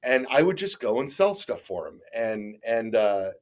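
A very animated middle-aged man with a mid-range voice speaks at a moderate pace as a guest in a casual interview. He tells his stories candidly and ramblingly, full of restarts and stammers, now and then swearing.

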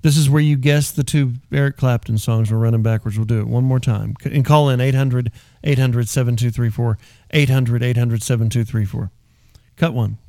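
A man's voice: medium pitch, steady tone, moderate pace, heavy background noise. A man hosting a weekend radio show in a loose, joking, rambling way. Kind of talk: casual radio chat.

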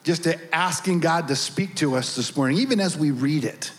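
A pastor telling a lively personal story at the start of his sermon, acting out the other people in it. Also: a little high, moderate pace. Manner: animated storytelling, acts out voices.

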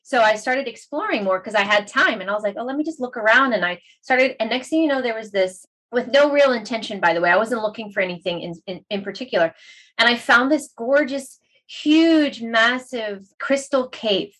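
A middle-aged woman, a meditation teacher, telling a heartfelt story in a casual conversation, animated and emotional. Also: on the high side, moderate pace, low-quality recording.

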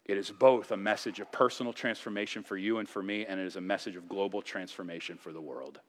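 A man's voice: low voice, steady tone, quick pace. Man preaching in an echoing sanctuary. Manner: impassioned preaching, rising and dropping for emphasis. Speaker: pastor. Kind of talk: sermon. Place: church sanctuary.

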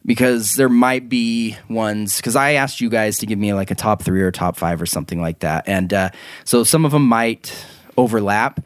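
A young adult man hosting a casual podcast chat, rambling and halting, with many fillers and quick laughs. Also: fairly low pitch, dry recording, studio quality. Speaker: podcast host.

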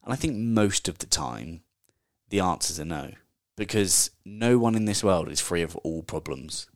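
A man hosts a casual solo podcast in a notably deep voice. He speaks candidly and conversationally, dropping the occasional swear word. His voice is recorded close and dry, with no room sound. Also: animated, normal speed, no echo. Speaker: podcast host.

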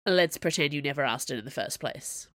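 A woman voicing a calm, terse male boss of a circus crew. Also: sits low, brisk, no room sound, studio quality. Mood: stern.

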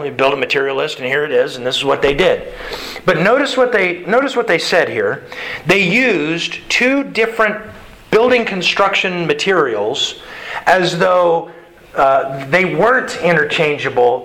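A man's voice: a little high, sharp tone, low-quality recording. A man preaching a sermon in a conversational way, asking the congregation questions as he explains a passage. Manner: conversational, quizzes the audience.

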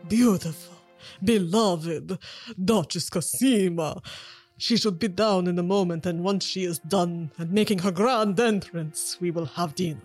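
A woman's voice: on the low side, darkish tone. A woman voicing a boisterous, dim-witted middle-aged nobleman who talks in a theatrical, effusive way. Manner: theatrical and effusive, slow and grand.

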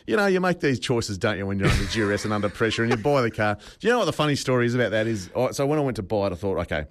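A man co-hosting a casual podcast chat, talking quickly and chattily, with a nagging cough. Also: fairly low pitch, expressive, slight background noise. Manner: quick, chatty, laughing along. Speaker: podcast co-host.

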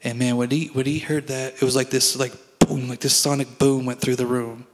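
A man's voice: mid-range voice, little pitch movement, a little fast, big-room sound, rough recording. A male pastor preaching a sermon in a conversational, storytelling way, acting out his own dialogue as he goes.

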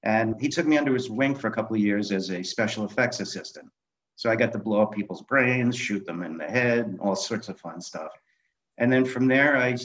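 On a slightly lo-fi, dull-sounding interview recording, a guest who directs films and writes memoirs shares stories conversationally. The middle-aged man has a low, steady voice and brings his anecdotes to life by acting out other people's dialogue.

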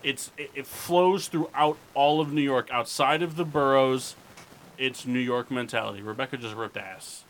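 A man co-hosting a live sports podcast, talking loud and crude in rowdy banter. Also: mid-range voice, normal speed, rough recording. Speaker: podcast co-host.

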